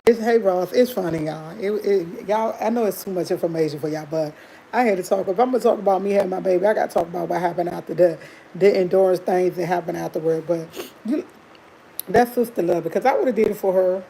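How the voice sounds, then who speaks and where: Mellow-voiced woman telling candid stories. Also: lowish voice, fast talker, gravelly, a little hiss or hum, poor audio. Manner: chatty, candid, laughs often, addresses viewers as y'all. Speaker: livestream host. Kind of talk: casual storytelling to viewers.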